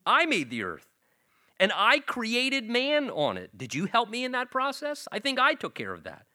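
A man's voice: extremely high pitch, wildly swooping pitch, moderate pace, sharp tone, pitched above the performer's own voice, heavily acted. A man voicing God as an exasperated, incredulous figure, firing off rising, emphatic questions.

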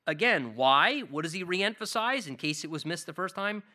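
A man with a bright, forward voice preaches through a Bible passage. He is earnest and hammers home key phrases by repeating them, and he sits a little high in pitch. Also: animated, normal speed. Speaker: pastor. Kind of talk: expository Bible sermon.

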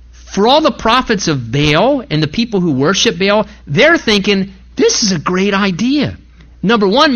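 A male pastor preaching a sermon, retelling a story and acting out the speakers with big swings of voice. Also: highs cut off. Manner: animated storytelling, acting out quoted speakers with big pitch jumps.

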